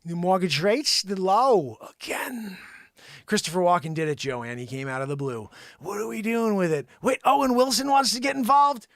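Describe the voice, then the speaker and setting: An excitable man riffs his way through a comedic news commentary, rambling and joking with an off-screen sidekick. His voice sits high and swings wildly in pitch. The sound is dry and close. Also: fairly quick, gravelly, hardly any pauses, no room sound. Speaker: realtor hosting a news show.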